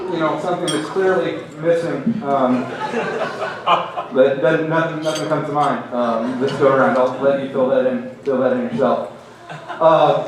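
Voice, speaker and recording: A middle-aged man giving a hall of fame acceptance speech, halting and restarting often, with self-deprecating humor. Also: medium pitch. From Oklahoma. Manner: halting, many restarts and repeated words. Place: banquet hall. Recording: very echoey hall, heard from a distance.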